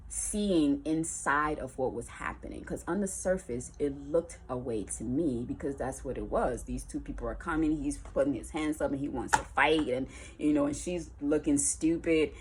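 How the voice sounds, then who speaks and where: A woman musician telling a personal story in a casual, colloquial way, lively and acting out the voices of the people in it. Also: a bass voice, normal speed, husky. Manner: animated, colloquial, acts out quoted voices.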